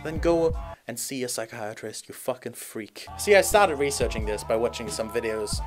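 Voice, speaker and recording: A man's voice: medium pitch, moderate pace, over music. A young man from Germany, giving a sarcastic, crude scripted comedy monologue. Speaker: comedy YouTuber.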